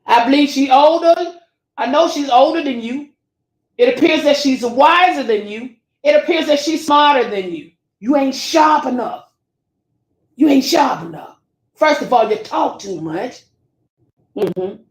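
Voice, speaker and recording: A woman's voice: high voice, animated, unhurried. Preachy scolding woman in an echoey room. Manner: scolding, preachy, addresses viewers as baby and family. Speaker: YouTube commentator. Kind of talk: direct-to-camera rant.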